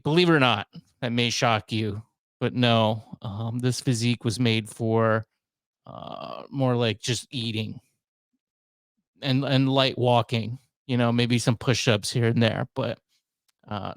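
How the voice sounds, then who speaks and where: A man's voice: medium pitch, clean tone, dry recording. A man in his thirties hosting his own podcast, talking alone in a rambling, self-mocking way with a lot of asides. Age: 30s. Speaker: podcast host. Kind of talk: casual solo monologue.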